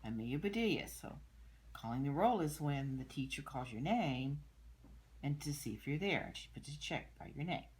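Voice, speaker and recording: An older woman, a grandmother, reading a picture book aloud to children and gently explaining the pictures, with soft murmured asides. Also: deep voice, lively intonation, normal speed, husky. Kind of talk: storybook read-aloud with commentary.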